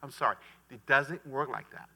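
A middle-aged man preaching a lively sermon as pastor, calling on the congregation to repeat after him. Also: medium pitch, normal speed, vocal fry. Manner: animated preaching with call-and-response to the congregation.

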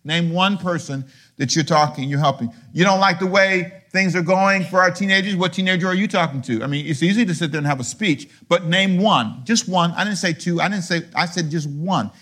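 Middle-aged male pastor, fairly high voice, lively sermon delivery with rhetorical questions. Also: a little fast. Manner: animated preaching, rhetorical questions; swings from low murmurs to loud high emphasis.

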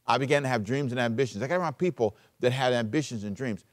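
A man preaching a sermon as pastor, emphatic, switching between loud urging and quiet asides. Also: medium pitch, quick pace.

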